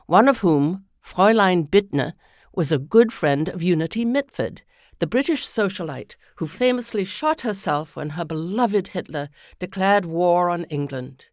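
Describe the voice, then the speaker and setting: A woman narrating a podcast from a script in a measured, storytelling manner. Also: fairly low pitch, expressive, darkish tone, no room sound, clean studio sound.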